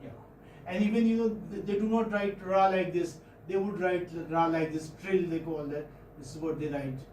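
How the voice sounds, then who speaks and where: A male professor with an Indian English accent explains sounds to his class, pausing to check they follow. His voice sits fairly high. It comes from across an echoey room, with faint background hum. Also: fairly even intonation, darkish tone, distant mic. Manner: explanatory, checks in with students often. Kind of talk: classroom phonetics lecture.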